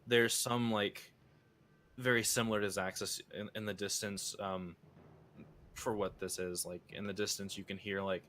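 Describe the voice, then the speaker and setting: A man's voice: lowish voice, little pitch movement, moderate pace, a bit bright, slight background noise. A young man narrating a tabletop game as game master, rambling with many fillers and restarts.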